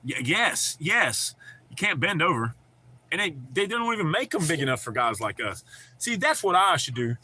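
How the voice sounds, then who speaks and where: A livestream host chats casually with his viewers, laughing often and swearing freely in a laid-back way. His husky voice is a little high with a sharp, sing-song quality, and he speaks at a normal speed.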